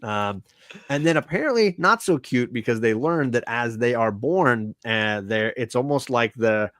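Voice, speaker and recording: A man's voice: mid-range voice, measured pace, no room sound, studio quality. A man hosting a casual comics podcast, chatting loosely and acting out characters' lines in playful voices. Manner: animated, acts out characters' lines in silly voices. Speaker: podcast host.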